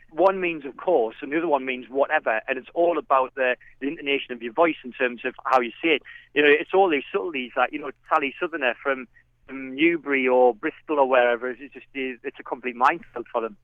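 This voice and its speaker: A man's voice: mid-range voice, dry recording. A man with a Sunderland accent, a podcast guest chatting and explaining with lots of fillers, heard over a remote line. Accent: Sunderland (Mackem). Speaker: dictionary author guest. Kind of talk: casual podcast chat. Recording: tinny phone-like line.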